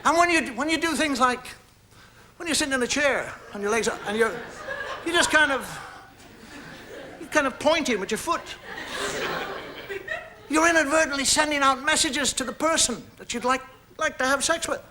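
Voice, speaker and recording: A man's voice: extremely high pitch, normal speed, pauses often, noisy background. A man performing a stand-up comedy monologue on stage before an audience, talking conversationally and acting out gestures and sounds.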